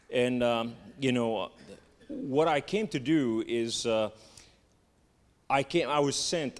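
Lebanese-accented preacher in reverberant hall. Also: male voice, medium pitch. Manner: halting, joking, repeats fillers like "and so therefore". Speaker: guest preacher. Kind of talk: sermon. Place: church sanctuary.

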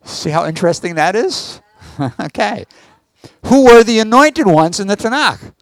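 A man's voice: sits high, lively intonation, normal speed, dry recording. A man giving a teaching sermon to a congregation, often stopping to ask the listeners whether they follow. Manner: asks the audience check questions. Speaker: Messianic teacher.

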